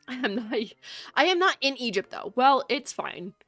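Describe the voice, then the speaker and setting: A woman's voice: high voice, big pitch swings, a little slow, fairly bright tone, dry recording, soft background music. A woman streaming a video game, chatting casually with her viewers, teasing and laughing often.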